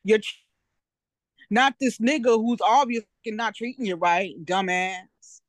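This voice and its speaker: Schroffer Mann mit hoher Stimme. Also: male voice, high voice, unhurried, no echo. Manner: blunt, scolding, profane. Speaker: podcast caller. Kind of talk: casual gossip chat over video call.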